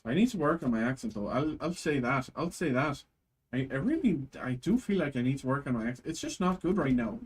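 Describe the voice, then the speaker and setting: A man hosting a live stream card break, reading off card names in quick lists and chatting with his viewers. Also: mid-range voice, animated, slightly rough. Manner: chatty with chat viewers, thanks buyers. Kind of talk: live stream pack opening.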